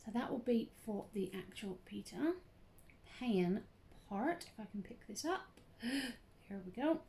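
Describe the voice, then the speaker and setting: A woman's voice: fairly high pitch, animated, takes it slowly, creaky, darkish tone. A chatty, bubbly young woman who laughs a lot and says "um" often, hosting a casual crafting tutorial vlog. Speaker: craft channel host.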